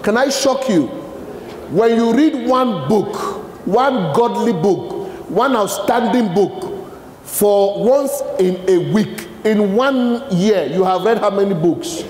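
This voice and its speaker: A man's voice: high voice, expressive, slow pace, a little mellow, slight background noise. A Nigerian man giving a live leadership talk to an audience, quizzing them with fill-in-the-blank questions. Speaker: motivational speaker. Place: large hall with a live audience. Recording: echoey hall with long reverb.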